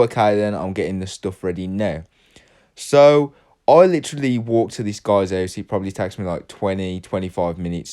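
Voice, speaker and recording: A man's voice: low-pitched, clean tone. Rambling teen guy telling a story. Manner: rambling, animated, swears, heavy fillers. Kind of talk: casual storytime.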